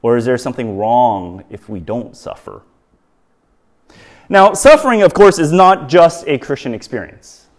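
A man preaching a sermon, halting, with many fillers and restarts and rhetorical questions to the audience. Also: mid-range voice, lively intonation.

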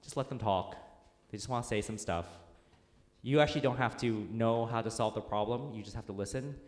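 A man's voice: medium pitch, a little fast. A man preaching a conversational sermon in a church, talking informally and telling stories with fillers and restarts. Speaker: pastor. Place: church sanctuary. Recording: echoey hall with long reverb.

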